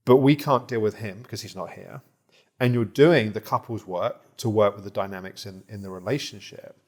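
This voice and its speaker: Calm reflective male therapist. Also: on the low side. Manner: calm, reflective, explanatory, with frequent restarts. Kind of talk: therapy session guidance.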